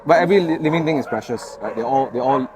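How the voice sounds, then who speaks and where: A man's voice: medium pitch, very fast, a crowd in the background. A man, hosting a podcast and encouraging his guest with agreeable prompts. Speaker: podcast host. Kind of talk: casual interview chat.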